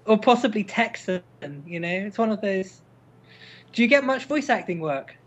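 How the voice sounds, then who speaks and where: Measured, formal male guest. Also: high voice, fairly bright tone. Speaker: guest author. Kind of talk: interview chat.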